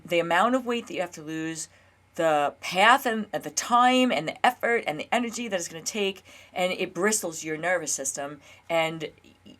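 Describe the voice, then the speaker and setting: A woman's voice: fairly low pitch, fairly bright tone. A woman in her fifties, a health coach hosting her own show, talking casually and earnestly, sometimes acting out her own inner dialogue. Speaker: health and weight loss coach, show host. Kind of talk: casual solo talk to camera.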